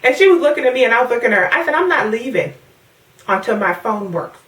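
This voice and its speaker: A young woman from the Caribbean vents in a sassy, animated way, her voice a touch high. She sounds set back from the mic, in an echoey room. She is pregnant and chatting casually to her viewers. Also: fast talker, recorded from a distance. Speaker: vlogger. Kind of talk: casual rant to camera.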